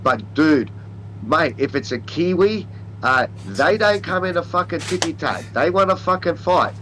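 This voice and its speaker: A man's voice: fairly high pitch, lively intonation, measured pace, a bit bright, a little hiss or hum, poor audio. A man with an Australian accent, talking in blunt, rambling casual chat and swearing constantly. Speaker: co-host.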